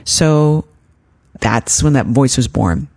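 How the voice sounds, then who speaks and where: A woman hosting a self-help podcast, talking gently and encouragingly as a life coach. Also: very deep voice, slow. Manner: gentle, encouraging, acts out her inner voice in quotes.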